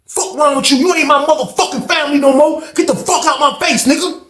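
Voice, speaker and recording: A man voicing a furious middle-aged male prisoner who shouts and curses confrontationally. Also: very high-pitched, fast, echoey room, pitched above the performer's own voice.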